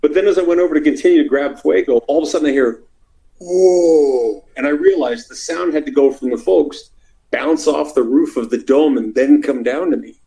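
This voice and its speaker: Gravelly, animated man telling wrestling stories. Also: a little fast, rough recording. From Canada. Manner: animated, acts out quotes in loud high voices. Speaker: interview guest, former wrestler. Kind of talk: casual storytelling.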